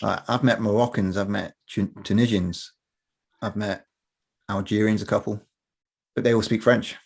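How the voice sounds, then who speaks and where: A man's voice: fairly low pitch, steady tone, moderate pace, gravelly, darkish tone, husky. A young man co-hosting a podcast in casual chat, chatty and laughing along. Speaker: podcast co-host.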